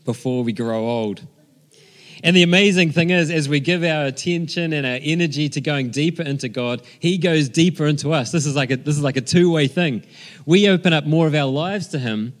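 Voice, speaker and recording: A man's voice: mid-range voice, brisk. A man giving a sermon as pastor, conversational and enthusiastic, often restarting his phrases.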